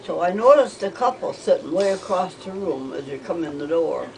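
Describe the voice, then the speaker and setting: An older woman telling rambling family stories, halting with frequent restarts. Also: lowish voice, animated, darkish tone, slight background noise, rough recording. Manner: hesitant, halting, with many restarts. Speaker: interviewee.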